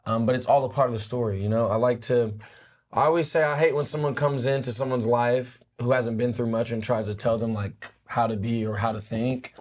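A man being interviewed as a guest, talking casually and relaxed, often pausing on fillers. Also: medium pitch. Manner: relaxed, hesitant with frequent fillers.

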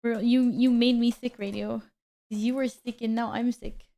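A woman's voice: on the high side, little pitch movement, moderate pace, creaky, mellow. Bubbly woman streamer greeting chat. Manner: bubbly, greets chat by name, laughs often. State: slightly stuffy, recovering from a cold. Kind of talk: casual live-stream chat.

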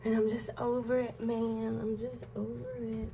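This young woman in her early twenties is a vlogger doing a get-ready-with-me chat at home, rambling bluntly and swearing. Her voice sits a little high, with a level tone and measured pace. The distant mic picks up an echoey room and background noise.

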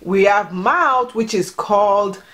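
A woman's voice: mid-range voice, slow pace, a bit bright. A woman teaching words to children at home, patient and encouraging, prompting and repeating each word. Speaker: vlogger teaching Yoruba to children. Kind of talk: home language lesson.

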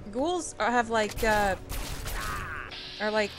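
A woman's voice: mid-range voice, takes it slowly, heavy background noise. A young woman gamer giving emotional, ranting commentary while playing, upset and angry, talking back at the characters. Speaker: let's play gamer. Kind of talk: casual gameplay commentary.

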